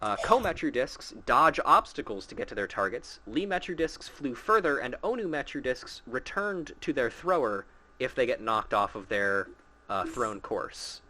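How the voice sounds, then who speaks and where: A man's voice: mid-range voice, big pitch swings, moderate pace, sharp tone. A man hosting a casual game playthrough, sarcastic and swearing freely. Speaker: host reading game dialogue. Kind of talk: casual let's-play commentary.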